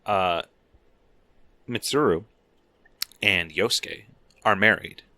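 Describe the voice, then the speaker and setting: A man co-hosts a casual podcast, tossing in fun facts offhandedly. His voice sits low but has a bright, forward tone, recorded close and dry. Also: slow pace, dry recording. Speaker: podcast co-host. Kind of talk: casual podcast chat about video games.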